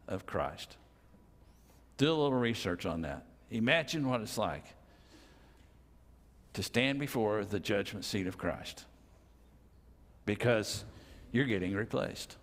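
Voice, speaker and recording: A man's voice: medium pitch, fairly bright tone. Older man preaching in a reverberant hall. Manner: plainspoken, folksy, with slow emphatic pauses. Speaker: pastor. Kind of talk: sermon. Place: church sanctuary.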